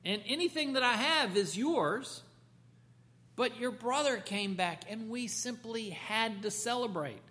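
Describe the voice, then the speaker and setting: A tender, forgiving father soothes his son in soft, reassuring tones, as a preacher puts him on. The voice stays bright and fairly high. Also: animated, unhurried, full character voice. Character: gentle forgiving father, older man.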